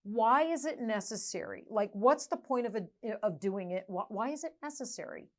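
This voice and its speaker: A middle-aged woman hosting a podcast, talking casually and haltingly with many restarts. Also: on the high side, expressive. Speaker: podcast host. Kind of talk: casual interview chat.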